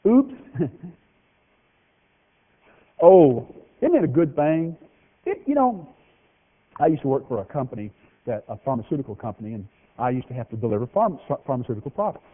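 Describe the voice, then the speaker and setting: Folksy preacher on tinny radio. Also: male voice, normal speed, pauses often. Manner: folksy, joking preacher with lively swings in pitch. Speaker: pastor. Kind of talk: sermon. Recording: tinny phone-like radio broadcast of a hall.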